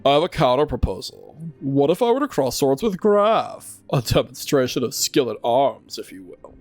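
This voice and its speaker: A man's voice: medium pitch, big pitch swings, normal speed, a little mellow, soft background music, lightly acted. A man voicing a pompous young knight with stiff, old-fashioned formal diction while reading a game's story aloud.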